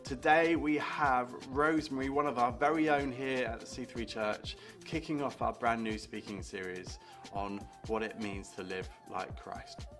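A man's voice: mid-range voice, steady tone, normal speed, a bit bright. A man hosting a church online broadcast, giving an upbeat, welcoming introduction. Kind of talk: show introduction. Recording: faint music behind.

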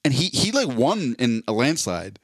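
A man's voice: mid-range voice, sing-song, normal speed, dry recording, studio quality. A man co-hosting a casual podcast chat, rambling and restarting as he explains things at length. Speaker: podcast co-host.

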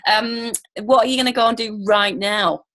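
A woman in her thirties with a northern English accent, hosting a casual remote podcast interview, chatty and quick with asides. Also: a little high, fairly even intonation, fairly bright tone. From northern England. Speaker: podcast host.

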